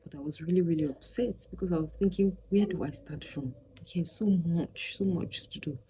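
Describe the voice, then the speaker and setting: Brief: woman, 30s, vlogger, low mellow voice, lively storytelling with whispered asides. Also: a little fast, a little hiss or hum, poor audio. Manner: animated, drops into whispers for emphasis. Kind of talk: personal storytelling.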